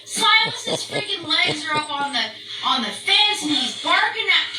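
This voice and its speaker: A woman telling a story in a casual chat, animated and swearing freely, acting out the barks and screams. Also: very high voice, measured pace. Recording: roomy echo, distant from mic, faint background noise.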